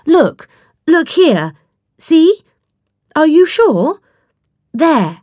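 A woman voicing an eager young female companion, pleading and excitable, in a raised voice. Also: sits high, extremely slow, no room sound, studio quality, pitched above the performer's own voice, full character voice.

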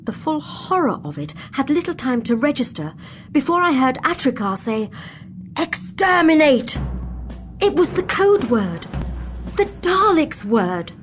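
A woman narrating an audio drama in the first person as a frightened but defiant young female companion, telling it in an earnest, expressive way. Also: high-pitched, measured pace, over music.

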